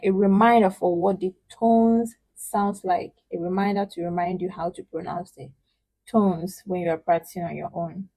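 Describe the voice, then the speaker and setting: A woman teaching a language lesson at a slow, unhurried pace. She explains patiently and leans hard on key words, then draws out example syllables clearly. Her voice sits at a medium pitch. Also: rough recording. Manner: patient, emphatic, models syllables slowly and loudly.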